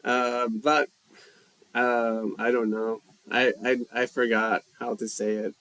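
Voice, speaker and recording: A man hosting a casual language-learning live chat, reading viewer comments and musing aloud at an easy, unhurried pace. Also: medium pitch, no echo. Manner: slow, relaxed, thinking aloud while reading chat. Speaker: language livestream host.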